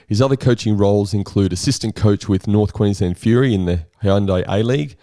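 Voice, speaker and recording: Low, mellow-voiced podcast host. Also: male voice, no echo, studio quality. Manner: matey, chatty. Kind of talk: casual podcast interview.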